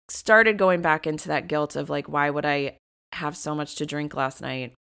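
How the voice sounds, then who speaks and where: Podcast host, female, low pitch, smooth clear tone, candid confessional storyteller. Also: measured pace. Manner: candid, confessional, gets animated retelling moments. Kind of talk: personal storytelling.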